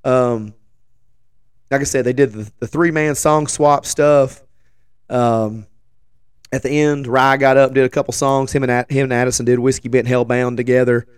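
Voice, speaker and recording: A man in his forties with a hoarse voice after the flu, telling a rambling, joking story as a show host. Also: medium pitch, fairly even intonation, moderate pace, no echo, studio quality. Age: 40s. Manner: rambling, self-deprecating, joking asides. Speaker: podcast host. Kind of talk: casual storytelling chat.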